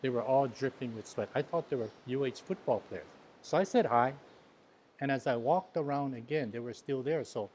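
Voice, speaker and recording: Older guy, lively storyteller, bit of background hiss. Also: normal speed. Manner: animated, acts out quotes with big pitch jumps. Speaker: interview guest, festival founder. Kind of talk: storytelling in casual interview.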